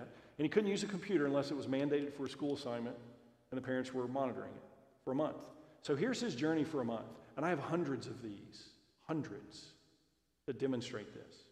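Gravelly man telling stories at a seminar. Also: medium pitch, a little mellow. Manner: storytelling, acts out dialogue. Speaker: guest speaker at parent seminar. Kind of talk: seminar talk with anecdotes. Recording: echoey hall reverb.

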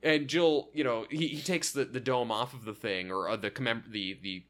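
A man's voice: medium pitch, normal speed, fairly bright tone. A young man co-hosting a podcast, casually recapping a sitcom episode, joking and acting out lines from it. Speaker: podcast co-host.

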